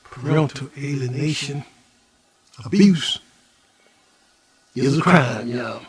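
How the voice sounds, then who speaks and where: A middle-aged man from Houston, Texas, telling his own story as host in a slow preaching cadence that keeps addressing the listeners as "y'all". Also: mid-range voice, breathy edge, no echo. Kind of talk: personal storytelling monologue.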